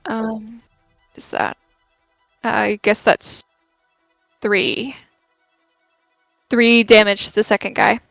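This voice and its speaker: A woman talks through her character's moves in a tabletop game, taking her time over each word. Her voice is dry and close, a little higher than average, with soft music behind. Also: flat delivery, extremely slow, vocal fry, pauses often, no room sound, rough recording. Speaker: player.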